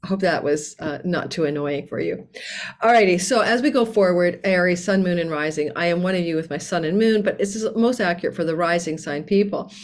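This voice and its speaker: A woman hosting her own astrology channel, talking through a casual forecast in a chatty, candid, expressive way and laughing often. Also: fairly low pitch, a little fast. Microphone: desk mic under a tablecloth.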